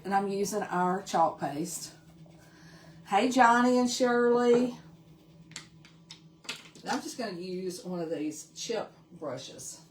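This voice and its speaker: A woman's voice: mid-range voice, roomy sound, far from the mic, a little hiss or hum. A woman from Tennessee with a Southern accent, chatting casually while demonstrating a craft on a live stream and greeting viewers by name. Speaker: craft livestream host.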